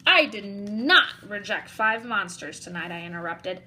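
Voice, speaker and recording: A woman reading a children's picture book aloud in an expressive way, narrating as a young boy. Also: mid-range voice, measured pace, slight background noise, rough recording. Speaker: storybook reader.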